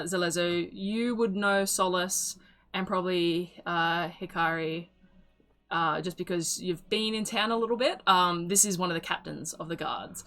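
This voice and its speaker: A woman's voice: on the low side, a bit bright. A woman narrating a tabletop game as game master in a casual, rambling way. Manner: casual, filler-heavy narration.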